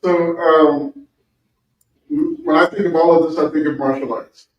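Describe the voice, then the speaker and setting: A man in casual chat, explaining his thoughts calmly with examples. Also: on the high side, measured pace, recorded from a distance, highs cut off. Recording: echoey room, away from the mic.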